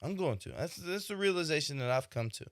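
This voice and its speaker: A man's voice: on the high side, animated, brisk, no room sound, studio quality. A young man hosting a podcast, talking through his thoughts in a casual, reflective monologue, often checking in with "right?". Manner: reflective, conversational, frequent "right?" asides. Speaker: podcast host, expecting father.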